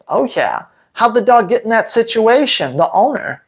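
In a muffled recording, a man with a high voice and lively intonation talks at a moderate pace. He's a dog trainer responding to live-stream viewers, emphatic and blunt, repeating himself to hammer each point home.

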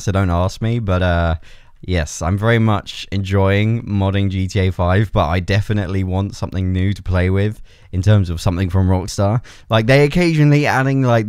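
A young man giving excitable gameplay commentary, laughing a lot and swearing freely. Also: deep voice, smooth, dry recording, studio quality. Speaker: gaming YouTuber.

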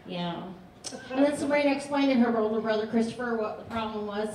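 A woman's voice: fairly high pitch, a little fast, slight background noise. A woman performing a live stand-up comedy set, telling stories in a chatty, dry way. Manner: chatty, dry storytelling delivery. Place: comedy theater stage with audience. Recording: echoey theater, distant mic, loud crowd laughter. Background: audience laughter.

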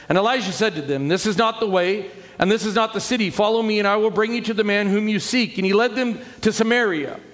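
High-voiced middle-aged pastor preaching. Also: male voice, long reverb tail. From United States. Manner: animated, acts out quoted voices. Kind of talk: sermon.

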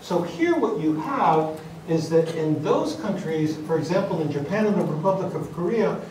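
A man lectures at an academic conference, his slightly high voice carrying through a very echoey hall. He stands well back from the microphone, and a faint room ambience sits underneath. He talks deliberately and stops often to restart a thought. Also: expressive, darkish tone, far from the mic, slight background noise. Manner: deliberate, with frequent fillers and restarts.

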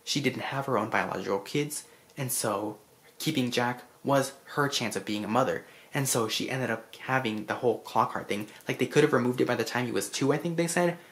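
A vlogger casually recapping a film in an effusive, rambling way, full of restarts and asides, clearly moved by the story. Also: medium pitch, fairly quick, fairly bright tone. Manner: emotional about the story.

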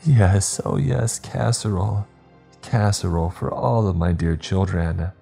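A man's voice: low-pitched, measured pace, creaky, warm tone, faint music behind, voice pushed up, full character voice. A man voicing a hysterical programmed mother who grins through tears, speaking in a sing-song, unhinged way. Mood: manic.

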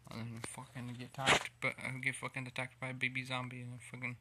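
Man, gamer, irritated, swearing constantly, flat delivery, faint noise behind. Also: mid-range voice, brisk. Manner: irritated, cursing, rambling. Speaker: gamer playing a survival game. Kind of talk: casual gameplay commentary.

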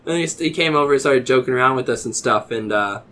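A man's voice: mid-range voice, fast talker, a bit bright. A man in his thirties, a podcast host telling a rambling drinking anecdote with lots of swearing and fillers. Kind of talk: casual storytelling.

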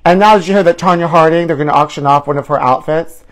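A man with a fairly high voice hosts a live gossip stream from home. His delivery is campy and theatrical, with terms of endearment for his viewers and dramatic swoops into mock outrage. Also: fast. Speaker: host of a live celebrity gossip show.

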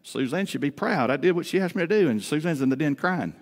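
A man's voice: a little high, animated, fast talker. Folksy preaching man in echoey church. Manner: folksy storytelling with humor; emphatic, swings between loud rises and quiet drops. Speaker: pastor. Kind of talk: Father's Day sermon. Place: church sanctuary.

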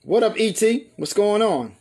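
A man hosting a pigeon show live stream, chatting excitedly with viewers and greeting them by name. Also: high-pitched, normal speed.

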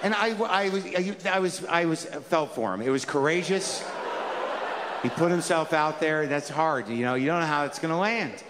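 A man's voice: on the high side, moderate pace, long reverb tail, noisy background. A man performing a stand-up comedy set, talking conversationally and ranting in mock exasperation.

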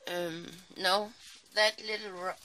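A woman's voice: mid-range voice, steady tone, slow pace, sharp tone. A woman chatting casually and sleepily while crafting in her small home craft room, rambling with apologetic asides. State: sleepy, early morning. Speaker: crafting vlogger.

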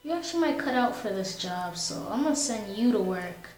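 A woman's voice: medium pitch, normal speed, a little mellow, echoey room, faint music behind, poor audio. A woman giving casual commentary on a life-simulation game, rambling and slangy as she talks to herself and her viewers. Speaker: gamer.

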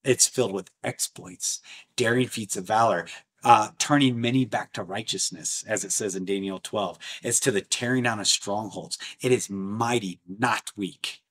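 A man preaching an impassioned sermon, animated and emphatic, swinging between loud bursts and low, intense passages with lots of repetition. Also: normal speed. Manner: repetitive, rhetorical, martial imagery.

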